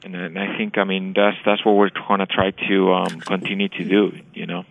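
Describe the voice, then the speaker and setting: A male executive guest with a very low, gravelly voice gives agreeable, short answers. The line sounds dull and lo-fi. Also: flat delivery, moderate pace. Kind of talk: interview conversation.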